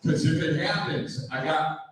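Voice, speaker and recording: A man's voice: a little high, measured pace, far from the mic. Folksy man in an echoey hall. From Wisconsin. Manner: folksy, rambling, self-deprecating humor. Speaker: community event speaker. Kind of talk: casual joking public talk. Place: community event hall.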